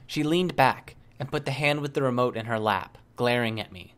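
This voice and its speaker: Guy reading an audiobook, mid pitch, calm even narration. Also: normal speed, hardly any pauses, clear, resonant tone. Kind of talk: first-person novel narration.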